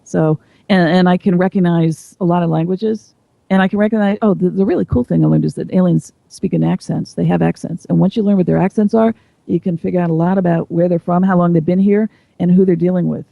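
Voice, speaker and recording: A woman with a gravelly, fry-edged voice talks as a guest in a casual interview, explaining things at length and thoughtfully. The sound is dull and lo-fi, close and dry with no room around it. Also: on the low side, steady tone, fairly quick, dry recording.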